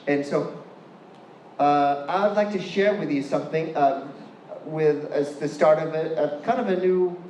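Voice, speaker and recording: A man's voice: fairly high pitch, darkish tone, a little hiss or hum. Chatty man with a Californian accent. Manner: chatty, playful, asks the audience questions. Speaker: guest lecturer. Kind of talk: university lecture to an audience. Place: lecture hall. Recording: echoey hall with faint room ambience.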